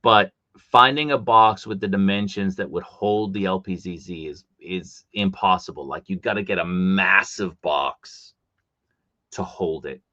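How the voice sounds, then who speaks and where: A man's voice: low-pitched, unhurried, pushed and bright, no echo, muffled recording. A man with a Boston accent hosting a casual live stream, rambling through chat comments with plenty of fillers. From Boston, USA.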